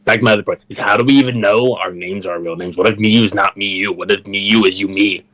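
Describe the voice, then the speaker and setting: Dude playing his character in a tabletop game, lowish voice, lots of "like". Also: fairly even intonation, quick pace, fairly bright tone, low-quality recording. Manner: casual, hesitant, with lots of "like". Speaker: player. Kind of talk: tabletop role-play.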